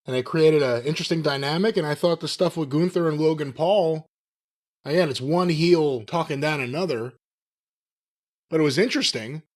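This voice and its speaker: A man co-hosting a podcast, laid-back and dry, answering in short quips. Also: fairly high pitch. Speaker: podcast co-host. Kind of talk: casual chat.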